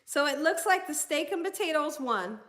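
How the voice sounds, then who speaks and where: Southern woman host, high bright voice, chatty livestream manner. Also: expressive, moderate pace. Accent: Southern American. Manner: chatty, reads viewer comments aloud, coos to her dogs. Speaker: cooking channel host. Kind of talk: casual livestream chat.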